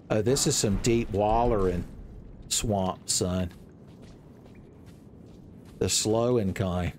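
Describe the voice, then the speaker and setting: A young man giving playful, joking commentary over his own gameplay, breaking into loud exclamations. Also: on the low side, takes it slowly, long pauses, slight background noise. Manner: playful, jokey, swings into loud shouted exclamations. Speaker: gaming video creator.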